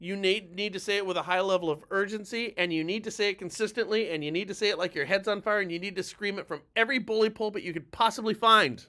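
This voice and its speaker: Hosting a live-streamed coaching session for mortgage lenders, this mortgage lender speaks in a high-pitched, bright, forceful voice at a quick pace with few pauses. He is emphatic, urgent, blunt and a bit profane.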